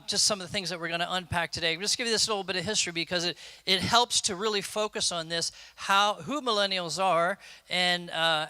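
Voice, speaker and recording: A man giving an unscripted conference talk, speaking in a halting way with many restarts and fillers. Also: sits high, pushed and bright, clean tone, no room sound. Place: conference room.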